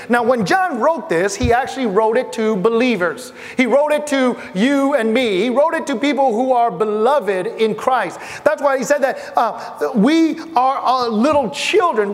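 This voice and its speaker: A man preaching in a church, his voice unusually high and carried by a long reverberant tail. He builds through emphatic repeated lists, then drops soft and low to tell personal stories. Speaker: pastor. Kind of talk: sermon. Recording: reverberant hall.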